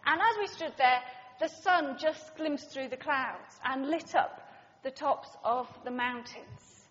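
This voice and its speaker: A woman gives a sermon and tells her story with lively, animated delivery, playing out the voices of the people she quotes. Her voice sits high, and it carries a long reverb in a big hall, heard through slightly muffled sound. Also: takes it slowly. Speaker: preacher. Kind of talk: sermon with personal anecdote.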